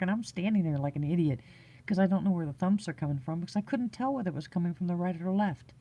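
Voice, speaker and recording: A woman spins a long story in casual live chat, circling back with fillers and restarts and breaking into laughter. Her voice sits low and dark, with a soft, mellow tone. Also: quick pace. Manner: rambling, laughs often, many fillers and restarts.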